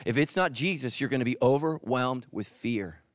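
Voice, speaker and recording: A middle-aged man, a pastor, preaching a sermon with animated swings from loud emphasis to hushed, intimate lines. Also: medium pitch, normal speed, dry recording, studio quality.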